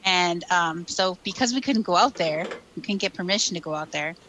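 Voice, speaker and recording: A woman's voice: fairly low pitch, a little fast, fairly bright tone, a little hiss or hum, low-quality recording. A middle-aged woman with a Minnesota accent, a guest chatting in a live interview with many ums and restarts. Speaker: guest investigator. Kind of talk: casual interview chat.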